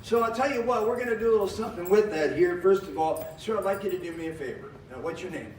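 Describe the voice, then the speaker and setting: A jokey, folksy male magician with a fairly high voice who chuckles through his showman patter. He sounds set back from the mic in an echoing room, with faint noise behind him. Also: animated, fast, darkish tone. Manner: jokey, chuckles often, cowboy-flavored folksy talk. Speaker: magician and variety performer. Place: live stage show with audience. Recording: roomy, distant, with faint noise.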